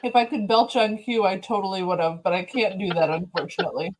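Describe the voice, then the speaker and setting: A woman's voice: mid-range voice, fairly even intonation, fast talker, rough recording. A woman co-hosting a casual chat show, laughing and poking fun at herself. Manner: self-deprecating, laughs.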